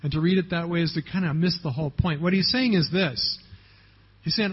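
A pastor preaches a sermon in a voice on the high side, fairly quick and with a breathy edge. He talks conversationally, often checking in with the congregation. The recording is dull and lo-fi.

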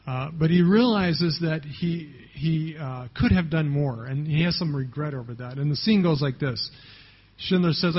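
A man's voice: on the high side, moderate pace, husky. A man preaching a sermon as pastor, talking conversationally and often checking in with the congregation, on a dull lo-fi recording.

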